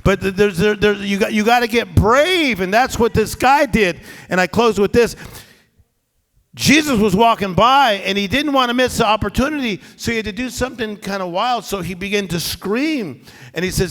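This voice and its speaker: Middle-aged male pastor, high voice, fiery call-and-response preaching, reverberant hall with band underneath. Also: moderate pace, a bit bright. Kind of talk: sermon. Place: church with live band and congregation. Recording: long church reverb, music behind. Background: band music.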